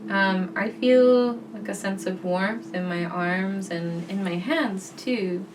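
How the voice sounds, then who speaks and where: Soft-spoken woman voice teacher, unhurried. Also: mid-range voice, far from the mic, background noise. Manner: soft and calm, with reassuring asides. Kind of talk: gentle guided voice practice.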